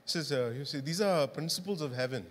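Guy preaching in a church, kinda high voice, big hall echo, keeps asking the crowd stuff. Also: fast. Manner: interactive, asks the congregation questions. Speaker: pastor. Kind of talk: sermon. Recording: long hall reverb.

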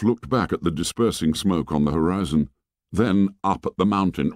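A man narrating a novel as an audiobook, reading dramatically and sinking low and soft on grim lines. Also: moderate pace, dry recording, studio quality.

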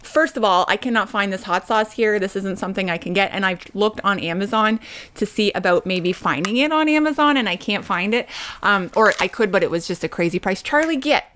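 A woman in her thirties from Canada, chatting through a home unboxing vlog, bubbly and quick to squeal and laugh. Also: medium pitch, a bit bright. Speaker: vlogger. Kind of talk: unboxing vlog, casual chat.

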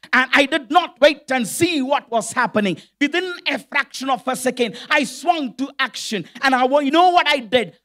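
A man preaching, putting on the voice of a bold young shepherd boy who loudly boasts to a king. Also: very high voice, voice pushed up, full character voice. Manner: loud, boastful telling.

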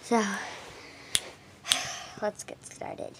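A woman's voice: very slow, very noisy. A woman vlogger in casual chat, rambling with fillers and self-corrections. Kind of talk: casual home video chat.

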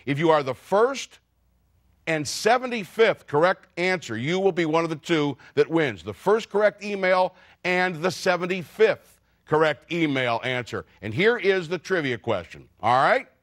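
A man hosting a sports talk show, quick-witted and teasing, with a Pittsburgh accent. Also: a little high, lively intonation, a bit bright. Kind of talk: lively sports talk and interviews. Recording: music faintly behind.

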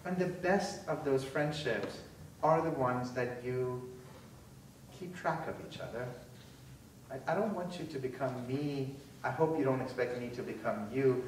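Man, keynote lecture, animated, sarcastic humor, booming hall echo, distant mic, faint hiss. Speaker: keynote speaker. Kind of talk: university lecture and Q&A answers.

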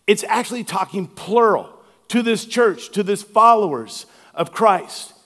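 High-voiced man preaching in an echoing church. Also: expressive, fairly bright tone. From Louisiana, US. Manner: earnest preaching with drawn-out emphasis. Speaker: pastor. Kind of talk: sermon. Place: church sanctuary. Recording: long church hall reverb.

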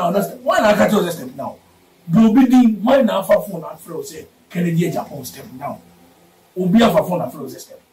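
Ghanaian male commentator, heated and repetitive, high-pitched, recorded far from the mic. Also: darkish tone. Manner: combative, repeats lines, switches between Twi and English. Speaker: political commentator. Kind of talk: heated political rant. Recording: roomy sound, distant from mic.

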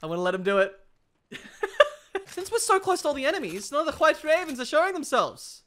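A woman giving excitable gameplay commentary, swearing often and boasting playfully at her enemies. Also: sits high, brisk. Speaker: gaming video creator.

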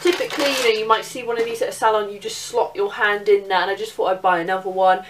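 A woman's voice: medium pitch, fairly even intonation, fast talker, far from the mic, heavy background noise. An eighteen-year-old woman, chatting casually through a beauty haul and swearing freely. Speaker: beauty vlogger.

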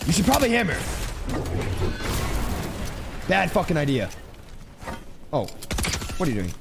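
A young male streamer trash-talks through his gameplay in a fairly high voice that swings widely between shouts and low mutters. He taunts opponents and swears freely. The stream audio is noisy, with gunfire in the background. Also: huge pitch swings, fairly quick, vocal fry. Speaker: gaming streamer. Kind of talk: trash-talking live gameplay commentary.

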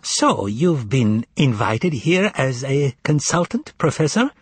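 A man voicing an anxious, polite male literary editor who questions in a raised, strained tone, with a husky voice. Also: mid-range voice, sing-song, takes it slowly, no echo, voice pushed up, heavily acted. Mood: puzzled.

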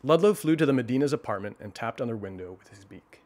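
A male host reads a children's storybook aloud with expressive timing, his voice at an ordinary middle pitch. Between stories he chats casually with viewers, pausing and restarting as he thinks.

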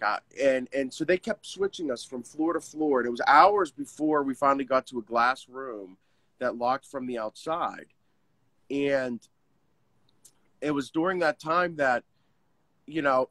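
A man, telling a painful personal story as an interview guest, in an earnest, halting way with many restarts. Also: mid-range voice, a bit bright, no room sound. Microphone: video call.

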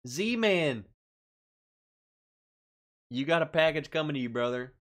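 A man's voice: a little high, steady tone, fast talker, fairly bright tone. A man hosting a casual livestream, reading out chat comments, laughing often and sounding stressed. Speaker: livestream host. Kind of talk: casual live-stream chat.

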